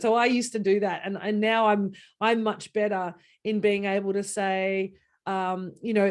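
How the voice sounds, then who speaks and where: A female business coach hosts a casual conversation, telling stories with animation and frequent laughter. Her voice is mid-range and her pace moderate.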